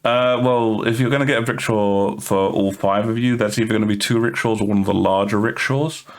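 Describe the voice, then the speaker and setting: A man's voice: on the low side, steady tone, a little fast, creaky. A man running a tabletop game as game master, casual and hesitant with lots of fillers.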